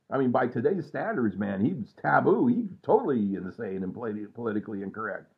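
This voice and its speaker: A man's voice: on the low side, sing-song, fairly quick, creaky, hardly any pauses. A man in his sixties rambling casually and self-mockingly at home at night, trailing off with lots of fillers. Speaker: vlogger. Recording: tinny phone-like sound.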